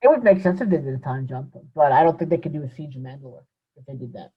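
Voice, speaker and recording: A young man co-hosting a podcast in an easygoing way. His voice is husky and slightly breathy. The mic sounds dull and lo-fi. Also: on the high side, expressive, fast. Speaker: podcast co-host. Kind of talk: casual chat.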